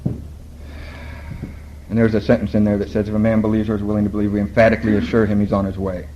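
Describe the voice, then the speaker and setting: A man's voice: fairly low pitch, completely flat delivery, a little fast, highs cut off, a little hiss or hum. A man speaking at a recovery meeting, telling his story in a storytelling way, quoting other people and laughing at his own lines.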